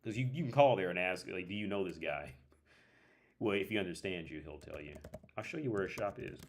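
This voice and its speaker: A man with a very deep voice chats casually on a livestream, drifting from story to story. He restarts his sentences often and drops blunt, profane asides. He sounds like a young adult from North America. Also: fairly quick, slight background noise. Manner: rambling, digressive storytelling with frequent restarts. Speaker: livestream host. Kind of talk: casual chat.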